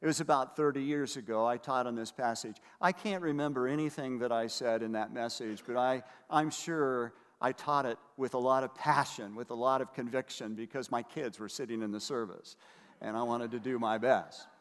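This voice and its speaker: A man's voice: mid-range voice, normal speed. An older man preaching a sermon as pastor, emphatic and repeating key phrases for weight. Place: church hall. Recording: reverberant hall.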